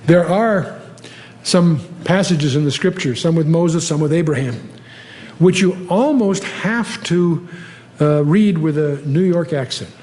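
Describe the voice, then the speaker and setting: A man's voice: a little high, unhurried, darkish tone, a little hiss or hum. Chatty older man teaching scripture. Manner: conversational, reads scripture aloud with rising emphasis, frequent fillers. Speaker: Bible teacher. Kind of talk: verse-by-verse Bible teaching.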